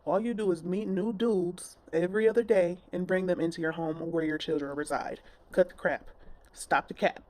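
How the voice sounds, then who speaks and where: A woman's voice: lowish voice, fairly even intonation, normal speed, a little mellow. A woman commentator ranting bluntly in a reaction video, scolding and swearing.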